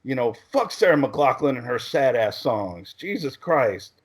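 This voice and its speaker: A man's voice: mid-range voice, big pitch swings, unhurried. A man hosting a casual podcast, joking and swearing as he runs the segments. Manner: joking, profane, hosts the segments. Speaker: podcast host.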